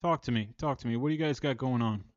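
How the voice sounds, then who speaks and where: A man's voice: mid-range voice, fast, dry recording, dull audio. A man from Maryland hosting a casual livestream, rambling, self-deprecating and restarting his sentences. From Maryland, USA. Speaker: livestream host and songwriter.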